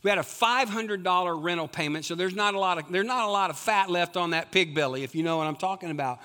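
A man's voice: sits high, fast, sharp tone. A middle-aged man preaching a sermon as lead pastor, conversational and full of rhetorical questions to the congregation.

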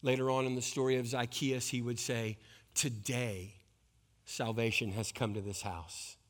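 A man preaching a sermon, swinging between hushed, intense passages and loud, rising exhortation. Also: medium pitch, level tone, unhurried. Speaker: pastor.

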